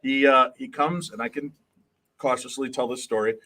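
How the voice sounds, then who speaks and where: Bright-voiced man telling funny stories. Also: medium pitch, normal speed. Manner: animated, acts out the voices of his kids, laughs at his own stories. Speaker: comedian podcast host. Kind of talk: comedic storytelling to a live audience. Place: live show at an event.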